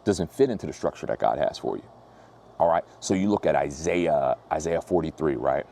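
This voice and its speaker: Casting: male pastor, deep mellow voice, casual slangy sermon storytelling. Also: a little fast, gravelly. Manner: laid-back slang-heavy preaching, lively when retelling.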